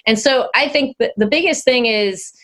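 A woman's voice: fairly high pitch, moderate pace, a bit bright. A woman chatting as a podcast guest, talking loosely with restarts and frequent laughter. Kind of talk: casual chat.

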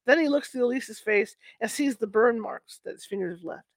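A woman's voice: on the high side, a little fast, dry recording. A woman reading a book aloud in a casual, unpolished way, sometimes correcting herself. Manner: informal, stops to correct herself and apologize mid-reading. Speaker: reader.

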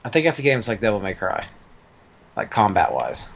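A man's voice: fairly low pitch, very animated, brisk, highs cut off. A man chatting easily about video games, hedging his points and cursing mildly. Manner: easygoing, hedging, mild cursing. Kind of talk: casual gaming chat.

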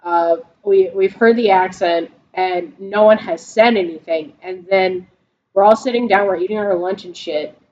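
A woman's voice: medium pitch, normal speed, a little mellow, a little hiss or hum. Profane laughing woman on a lo-fi podcast. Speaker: podcast co-host, Marine veteran. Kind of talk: casual chat. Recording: dull lo-fi sound.

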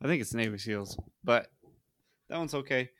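A man in casual conversation, blunt and emphatic, swearing freely as he makes his points. His voice sits at an average pitch. The sound is close and dry. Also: animated, normal speed, fairly bright tone, no echo. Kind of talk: casual chat.

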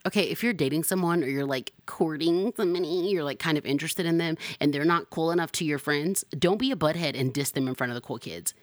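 A young woman hosting a podcast in casual chat, sassy and animated, jumping to high exclamations. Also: fast, few pauses, no room sound, studio quality. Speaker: podcast host.

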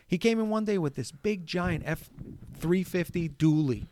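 A man telling a story in casual conversation. He swears often and acts out the lines he shouted. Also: high-pitched, normal speed, dry recording. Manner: profane, animated, acts out shouted quotes. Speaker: golf course superintendent.

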